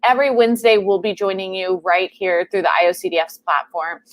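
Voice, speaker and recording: A woman's voice: mid-range voice, steady tone, a little fast, dry recording. A woman in her thirties, a clinician, hosting a live stream Q&A with upbeat, chatty announcements. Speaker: host and clinician.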